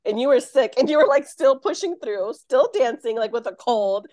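A woman's voice: on the high side, expressive, moderate pace, a little mellow. A woman interviewer asking rambling, hesitant questions in a casual chat.

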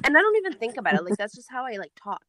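A young woman from a Kurdish family talking casually and rambling a bit. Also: on the high side. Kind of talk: casual conversation.

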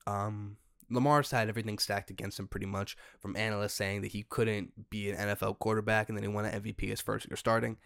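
A young man hosting a solo podcast, ranting in an exasperated way with sudden loud outbursts. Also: lowish voice, little pitch movement, fast, gravelly, no echo, clean studio sound. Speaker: podcast host.

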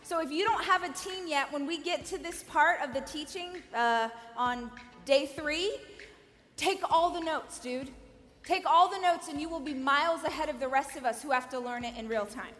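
High-pitched lady giving a keynote in a big echoey hall, lively, keeps asking the crowd stuff. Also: moderate pace. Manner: lively, coaching the audience with direct questions. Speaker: keynote speaker. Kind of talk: energetic conference keynote. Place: large conference hall. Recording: reverberant hall.

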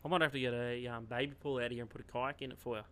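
A man's voice: medium pitch, steady tone, rapid-fire, pushed and bright, slight background noise. A man with an Australian accent, a guest in casual podcast chat, giving easygoing, brief answers. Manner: easygoing, short replies.

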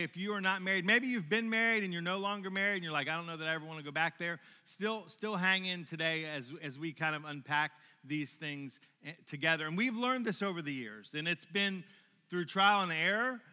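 A man in his forties, a pastor, preaching in a casual, halting way with repeated words. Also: fairly high pitch, pushed and bright. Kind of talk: sermon. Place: church sanctuary. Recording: long reverb of a large hall.

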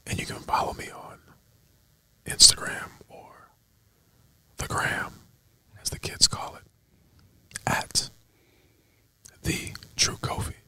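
A podcast co-host whispering hesitantly in ASMR style, reluctant and careful. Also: male voice, slow, long pauses, sharp tone.

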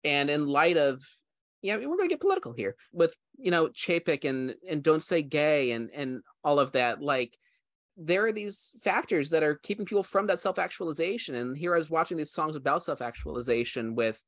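A man's voice: mid-range voice, animated, normal speed, a bit bright, no room sound, clean studio sound. A man co-hosting a podcast, chatting casually in a rambling, heartfelt way with many fillers. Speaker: podcast co-host. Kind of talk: casual chat.

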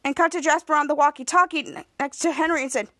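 High-voiced woman recapping a TV episode. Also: fairly even intonation, sharp tone, no echo, clean studio sound. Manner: halting, repetitive retelling with many restarts. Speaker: podcast host.

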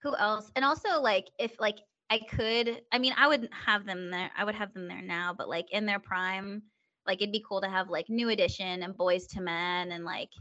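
A woman's voice: mid-range voice, steady tone, moderate pace, pushed and bright, highs cut off. A young woman chatting casually as a guest, candid and giggly, full of slang. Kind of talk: casual chat.

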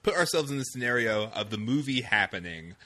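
A man's voice: mid-range voice, lively intonation, a little fast, sharp tone. A young man hosting a casual podcast chat, playful and laughing often as he talks. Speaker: podcast host.

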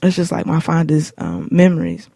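A woman in her late twenties talks through personal memories on her own show, loose and slangy, full of fillers. Her voice is dark and mellow with a gravelly edge. The sound is close and dry. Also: low voice, very animated, normal speed, dry recording. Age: late 20s. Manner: laid-back, rambling, slangy, many fillers. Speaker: show host. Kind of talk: casual personal storytelling. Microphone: studio mic.

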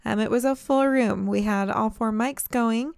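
A woman's voice: a little high, normal speed, vocal fry, darkish tone. A young adult woman co-hosting a podcast in casual chat, talking loosely and laughing easily. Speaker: podcast co-host.

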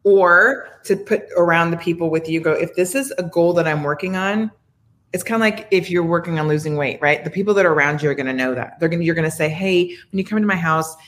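Woman, podcast co-host, low voice, thoughtful advice, casual talk. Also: quick pace, a bit bright.

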